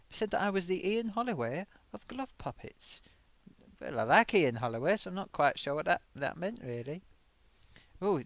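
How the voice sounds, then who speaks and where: A man's voice: on the high side, fairly bright tone, no echo. A man as a chatty sock puppet host. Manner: chatty, full of oofs and sighs. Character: cheeky male sock puppet show host. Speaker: host reading viewer comments. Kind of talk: live-stream chat.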